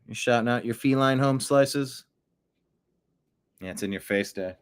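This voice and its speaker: A man's voice: medium pitch, measured pace, smooth. A man hosting a casual online commentary show from his home desk, chatting and talking to his cat between stories. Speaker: host.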